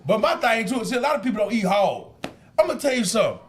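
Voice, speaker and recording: A man co-hosting a podcast, telling jokes and stories in loud, profane casual chat. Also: sits high, sing-song, fast talker. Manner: loud, joking, profane storytelling. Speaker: podcast co-host.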